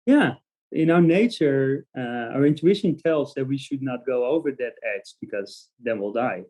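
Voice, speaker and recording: A man from the Netherlands, a native Dutch speaker, chatting as a podcast guest and telling animated stories with many fillers. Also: medium pitch, normal speed. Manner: animated storytelling with frequent fillers and laughs. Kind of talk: casual interview chat.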